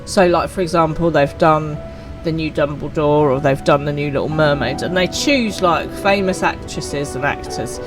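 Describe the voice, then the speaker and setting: A woman's voice: low-pitched, moderate pace, hardly any pauses, over music, poor audio. A woman streaming a game, chatting casually and teasing herself. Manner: chatty, self-mocking. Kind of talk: casual gameplay commentary.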